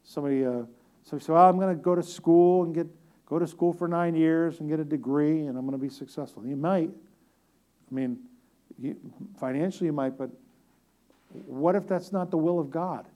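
A middle-aged male pastor preaches with a slightly raised, mellow voice. He tells stories with gentle humor. He swings between booming emphasis and soft, near-whispered asides. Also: normal speed. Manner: storytelling with humor. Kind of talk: sermon.

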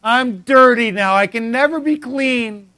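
A man's voice: very high-pitched, measured pace, bright, forceful tone, dry recording, voice pushed up, exaggerated voice. A man acting out a wailing, self-pitying man. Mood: despairing. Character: despairing man wallowing after a fall.

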